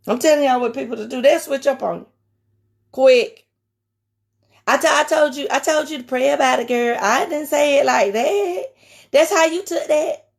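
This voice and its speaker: A woman with a raspy voice and a country twang, preaching in a casual live-stream sermon. She is emphatic, repeats key phrases and speaks to viewers by name. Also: sits high, moderate pace.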